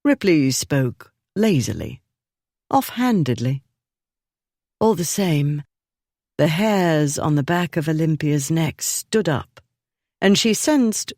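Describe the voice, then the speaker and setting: A narrator reading a historical romance novel in a measured storytelling manner. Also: mid-range voice, darkish tone, no room sound, studio quality. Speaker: audiobook narrator.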